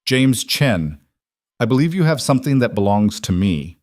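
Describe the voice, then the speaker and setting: A man voicing a cold, educated male crime boss who makes calm, veiled threats in a smooth voice. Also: medium pitch, moderate pace, no echo, studio quality, lightly acted.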